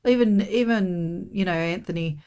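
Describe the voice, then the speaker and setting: Chatty Australian mother, low voice. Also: normal speed, clean tone. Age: middle-aged. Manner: warm, rambling, many "you know"s. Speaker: podcast guest, host's mother. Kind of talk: casual chat.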